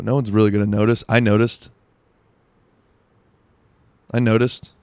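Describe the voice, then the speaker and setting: His lowish voice is smooth and a little mellow, delivered flat and unhurried in a dry recording. A young South Florida man, he rambles crudely through a comedy routine, restarting often and saying "like" constantly.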